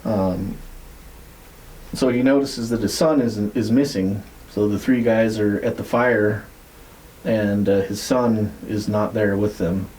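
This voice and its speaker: A man's voice: fairly low pitch, fairly even intonation, takes it slowly, darkish tone, low-quality recording. A man hosting a podcast, retelling a story in a loose, rambling way with lots of "like" and casual swearing. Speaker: podcast host.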